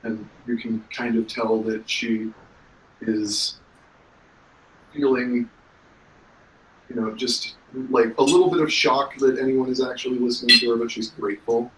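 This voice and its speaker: A man's voice: medium pitch, fairly even intonation, unhurried, long pauses, a bit bright, a little hiss or hum. Guy running a tabletop game, chatty with lots of likes and ums, roomy and far from the mic. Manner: casual, lots of filler words. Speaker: game master. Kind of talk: narrating a tabletop role-play.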